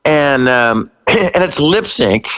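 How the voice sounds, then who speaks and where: Animated older man telling a story. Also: slow, muffled recording. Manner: animated storyteller, jumps high when quoting himself, laughs often. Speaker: interview guest, rock singer. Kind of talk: casual storytelling interview.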